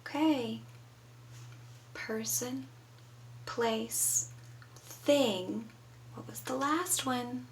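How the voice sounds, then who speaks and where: A woman's voice: a little high, drawn-out words, long pauses, distant mic, a little hiss or hum, rough recording. A woman teaching young children from home, patiently prompting them to answer. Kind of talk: children's lesson.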